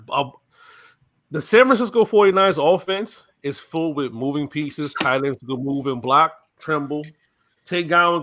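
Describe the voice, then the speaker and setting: A man doing a brash, shouting wrestling promo voice. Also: a little high, no room sound. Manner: growling hype, drawn-out shouts, keeps saying brother. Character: brash male pro-wrestler promo persona. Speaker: podcast co-host.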